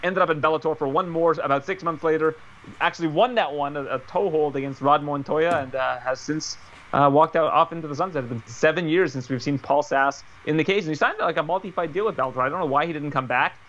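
A man talking as a guest on a casual chat podcast, telling stories quickly and with animation. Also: on the high side, fairly bright tone, muffled recording. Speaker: guest analyst.

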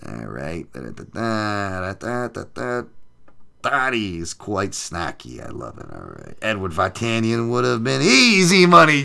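A man's voice: lowish voice, very animated, unhurried, gravelly, pushed and bright, clean tone. A man hosting a podcast, giving betting picks in loose, profane, sarcastic banter and reading out the chat. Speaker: podcast host making fight picks. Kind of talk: casual profane livestream chat.

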